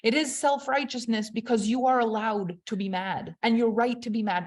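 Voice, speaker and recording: Woman, leadership coach, motivational talk, emphatic, conversational. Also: on the high side. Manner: emphatic, conversational, swings from loud to quiet.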